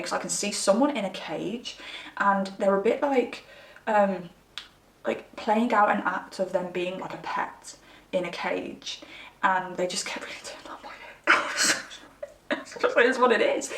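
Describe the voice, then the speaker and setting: A woman's voice: medium pitch, reverberant, recorded from a distance. A young woman chatting candidly to her viewers while giving a pick-a-card tarot reading. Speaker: tarot reader.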